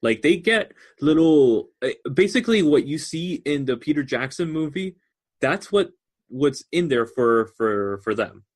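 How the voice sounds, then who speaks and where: A man's voice: on the high side, lively intonation, measured pace. A man co-hosting a podcast in casual chat, animatedly explaining book lore at length. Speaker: podcast co-host.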